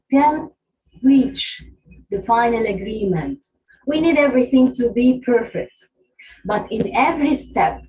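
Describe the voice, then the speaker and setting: A woman giving a prepared club speech, slow and careful with some restarts. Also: on the high side, low-quality recording. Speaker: club speaker.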